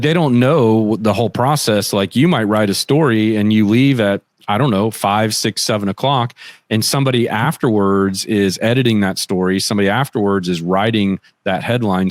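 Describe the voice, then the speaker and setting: A man with a lowish voice hosts a podcast and lays out his points fluently and clearly. The sound is close and dry, with no room around it. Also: brisk, no echo. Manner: fluent, explanatory. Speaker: podcast host. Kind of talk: interview hosting.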